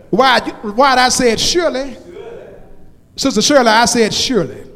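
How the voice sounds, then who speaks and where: A man preaching a sermon in call-and-response style, stretching out words and breaking into shouts. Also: sits high, normal speed. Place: church sanctuary. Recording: long reverb of a church hall.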